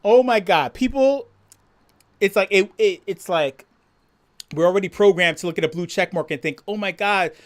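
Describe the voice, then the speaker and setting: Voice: medium pitch, normal speed, pauses often. A livestream host chatting casually, reading viewer comments and ranting with lots of swearing and laughter. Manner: profane, laughing, animated rant.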